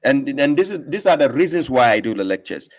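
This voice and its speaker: A man's voice: medium pitch, big pitch swings, fairly quick. A man hosting a live stream who speaks emphatically and lectures, often putting rhetorical questions to his listener. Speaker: host giving talks on religion. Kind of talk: casual debate on a live stream.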